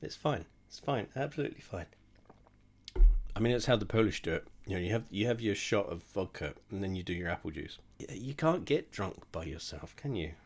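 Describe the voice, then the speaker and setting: A man's voice: deep voice, animated, a little fast, few pauses. A young man rambling and swearing through a casual drinks tasting while drunk, mocking himself as he goes. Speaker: host of a drinks tasting video. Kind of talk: casual tipsy tasting monologue.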